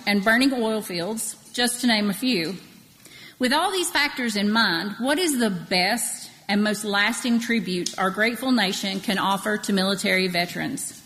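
A woman's voice: medium pitch, fairly bright tone, big-room sound, poor audio. A woman presenting a scripted local history segment on a radio program.

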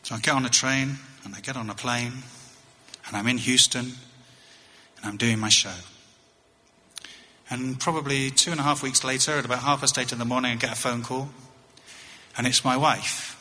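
A middle-aged English man telling a wry story on stage as a touring comedian, halting and often repeating his words. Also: medium pitch, steady tone, sharp tone. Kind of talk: storytelling stand-up. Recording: echoey hall.

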